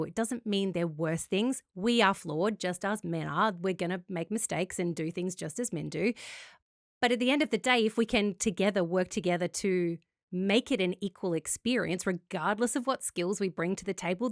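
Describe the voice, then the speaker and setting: A woman's voice: mid-range voice, dry recording, studio quality. A woman co-hosting a podcast, arguing her point in a long, impassioned run of casual chat. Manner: impassioned, rapid-fire argument. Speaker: podcast co-host.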